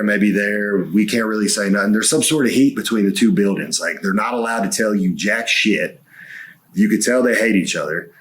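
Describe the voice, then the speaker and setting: Low-voiced man telling a profane story. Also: a bit bright. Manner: profane storytelling, swears freely. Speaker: co-host. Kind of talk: casual chat.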